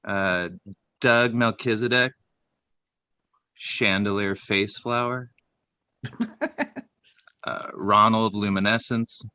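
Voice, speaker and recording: Comedy co-host, male, lower voice with bright, crisp tone, dry close mic, deadpan rambler. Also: takes it slowly, long pauses, no room sound. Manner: rambling, deadpan list reading with many fillers. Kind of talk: casual comedic chat.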